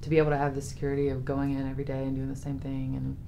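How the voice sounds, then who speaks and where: An actress playing a chatty young dinner guest who rambles with lots of fillers. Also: female voice, rumbling low, completely flat delivery, rapid-fire, vocal fry, mellow, a little hiss or hum. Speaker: dinner guest in a web series. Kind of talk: casual conversation scene.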